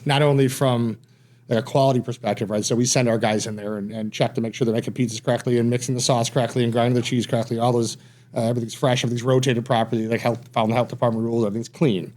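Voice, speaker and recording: A man's voice: medium pitch, little pitch movement, rapid-fire, darkish tone. A man, a pizza franchise owner, talking casually as a podcast guest, reserved and self-deprecating, often trailing off.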